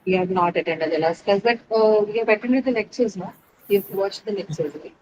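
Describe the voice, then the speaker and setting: A woman's voice: medium pitch, brisk, dull audio, noisy background. Woman teaching an online class. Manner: explanatory, quizzes students, frequent "right?" checks. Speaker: English teacher. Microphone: video call.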